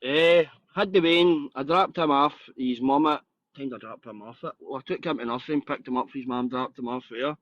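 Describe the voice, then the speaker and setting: A Scottish man hosting a live podcast in casual chat, excitable and a little nervous, swearing freely. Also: medium pitch, fairly quick, no room sound, muffled recording. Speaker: podcast host.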